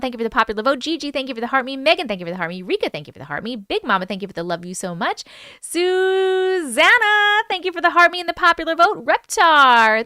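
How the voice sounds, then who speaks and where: A woman's voice: sits high, pushed and bright, no echo, studio quality. A woman hosting a casual livestream, chatting loosely, swearing freely and greeting and thanking viewers by name. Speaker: livestream host.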